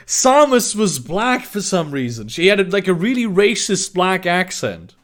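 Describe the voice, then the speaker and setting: A man's voice: high voice, animated, takes it slowly, fairly bright tone. A man doing a mocking comedic reading of fan fiction, breaking off for sarcastic, incredulous asides. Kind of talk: mocking dramatic reading with commentary.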